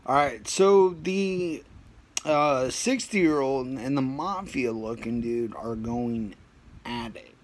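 A man telling a comic story in a halting, rambling way, full of "uh" and "you know," with sudden excited high bursts.

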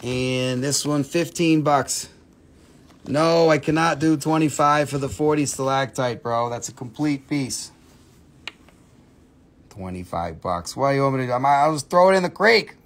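A man's voice: medium pitch, measured pace. A man hosting a live sale stream from a phone indoors, chatty and playful as he rattles off prices. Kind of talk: casual live-stream selling. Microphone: phone camera.

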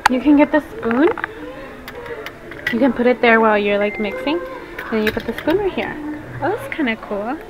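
A woman's voice: a little high, lively intonation, normal speed, long pauses. A young woman vlogging while shopping, chatting casually and switching between English and Spanish. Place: large furniture store, indoors. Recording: noisy store background.

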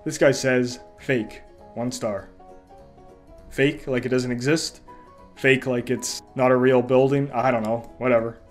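A man's voice: medium pitch, flat delivery, moderate pace, soft background music. A young man reading out and mocking online reviews in a sarcastic comedic style. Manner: sarcastic, mock voices for reviews.

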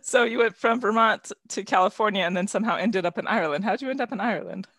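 A podcast host chatting with a guest over a video call, upbeat and laughing often. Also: female voice, medium pitch, fast talker, fairly bright tone, dry recording. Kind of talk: casual interview chat.

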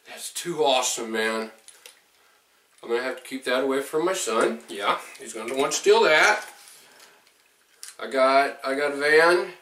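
A man opening a box of gifts on camera, excitable and swearing often, his voice jumping up when something thrills him. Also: mid-range voice, measured pace, long pauses, echoey room, distant mic. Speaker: vlogger opening a fan mail box. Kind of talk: excited unboxing vlog.

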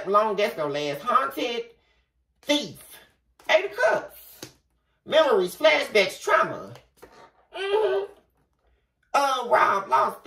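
A woman giving a tarot reading, talking bluntly with a lot of swearing and ranting. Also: fairly high pitch. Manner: blunt, profane, animated ranting. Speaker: tarot reader. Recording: roomy, from a distance.

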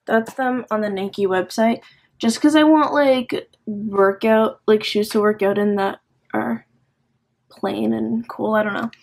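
A woman's voice: mid-range voice, fairly even intonation, unhurried, vocal fry, a little mellow. A young woman talking casually to camera in a home vlog, filling her talk with "like" and "um". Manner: chatty, lots of "like" and "um". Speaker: vlogger. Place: at home, bedroom.

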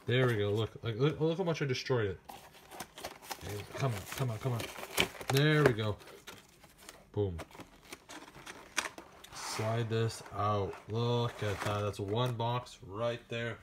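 Casting note: man, unhurried delivery, excited card-opening vlogger, faint hiss in the background. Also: mid-range voice. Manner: excited, chatty, addresses viewers. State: nervous and shaky. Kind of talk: casual unboxing narration.

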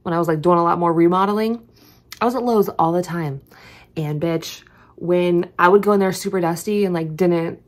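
A woman's voice: lowish voice, normal speed, dry recording. A woman talking casually to camera in a day-in-my-life vlog, chatty and blunt, swearing freely. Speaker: vlogger.

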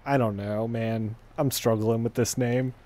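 A man's voice: medium pitch, fairly even intonation, unhurried, mellow, a little hiss or hum. A man streaming a story game, tossing off joking, casual asides between the dialogue.

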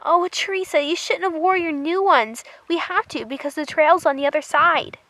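A woman's voice: very high-pitched, normal speed, a bit bright, dry recording. A woman voicing a patient, matter-of-fact young trail leader in a toy horse drama.

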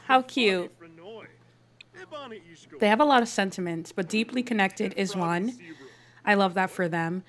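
A woman giving casual, chatty commentary on her life-simulation game, laughing often and voicing her characters' thoughts in quick asides. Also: mid-range voice. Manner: chatty, giggly, voices her characters playfully. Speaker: gaming YouTuber. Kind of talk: casual Let's Play commentary.

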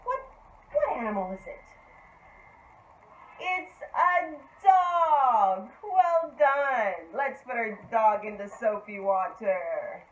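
A woman teaching toddlers, speaking in a slow, exaggerated, encouraging way and repeating simple words for them to copy. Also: a little high, big pitch swings, reverberant, poor audio. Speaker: preschool teacher. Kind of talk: children's lesson.

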